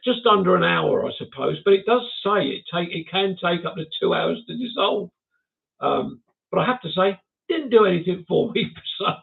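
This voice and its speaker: An older Englishman chats casually and chuckles at his own jokes as he reads viewer messages aloud. His voice sits fairly high and has a gravelly edge. It all comes through a thin, tinny line. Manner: chatty, chuckling, self-mocking. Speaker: livestream host. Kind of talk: casual chat reading viewer comments. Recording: tinny phone-like sound.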